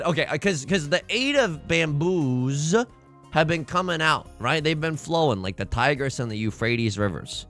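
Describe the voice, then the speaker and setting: A man's voice: a little high, sing-song, normal speed, pushed and bright, faint music behind. A man hosting a let's play, giving casual, rambling, self-deprecating commentary while he plays.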